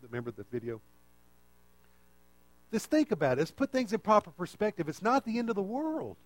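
A man's voice: high-pitched, sing-song, a little fast, no room sound. A man preaching a conversational sermon and often checking in with the listeners.

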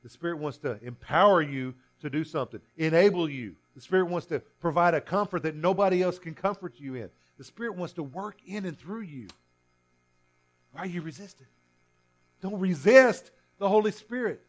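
A man's voice: on the high side, fairly quick, soft background music. A male pastor preaching a sermon earnestly, often restarting and repeating himself.

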